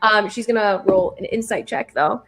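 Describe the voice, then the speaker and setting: A woman's voice: mid-range voice, normal speed, slightly rough. Giggly woman narrating as game master. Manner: chatty, giggly, with many fillers and restarts.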